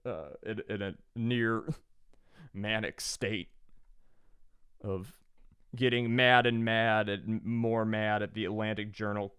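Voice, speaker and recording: A man from Georgia co-hosts a podcast in loose, casual chat. He rambles and swears, with a sardonic edge. His voice is smooth and resonant, and the recording is dry and close. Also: fairly low pitch, steady tone, slow, long pauses, a bit bright, dry recording. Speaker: podcast co-host.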